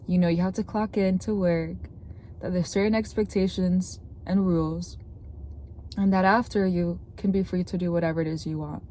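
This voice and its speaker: A woman's voice: lowish voice, fairly even intonation, moderate pace, dark tone, slight background noise. A young woman with a sore throat giving chatty, earnest advice to the camera as a content creator, filling her talk with "like". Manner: chatty, earnest, with many "like" fillers. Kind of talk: casual talking-to-camera advice.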